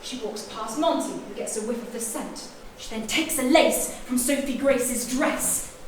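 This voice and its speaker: A woman's voice: on the high side, slight background noise, natural voice. A woman playing a confident young detective who lays out the crime on a live stage, heard from far off in an echoey theatre. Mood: explaining. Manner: theatrical, deliberate explaining. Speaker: amateur sleuth revealing the killer.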